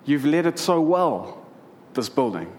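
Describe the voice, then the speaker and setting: A man's voice: a little high, big pitch swings, unhurried, darkish tone, a little hiss or hum. A middle-aged man preaching to a congregation, telling humorous stories about family life. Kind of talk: sermon.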